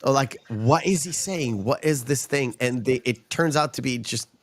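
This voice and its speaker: A man hosting a podcast, talking loosely and casually about a movie. He keeps stopping and restarting his sentences and laughs softly along the way. His voice sits at an ordinary middle pitch. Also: unhurried. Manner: rambling, frequent restarts and chuckles. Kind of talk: casual film discussion.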